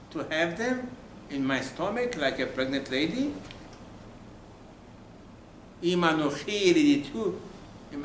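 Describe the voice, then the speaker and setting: A rabbi playing an exasperated prophet. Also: male voice, high-pitched, a bit bright, a little hiss or hum. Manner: indignant, rising outbursts. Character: exasperated prophet pleading angrily with God. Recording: echoey room with faint ambience.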